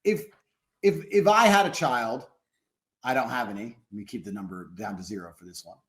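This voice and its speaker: A man's voice: medium pitch, moderate pace. A man speaking bluntly and emphatically as a podcast guest, swearing and repeating himself for force. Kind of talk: podcast conversation. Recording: roomy echo.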